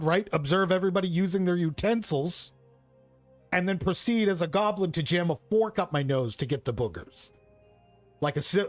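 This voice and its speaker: A man chatting casually and excitedly about tabletop gaming, swearing, laughing and tossing in "bro" and "right". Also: a little high, no room sound.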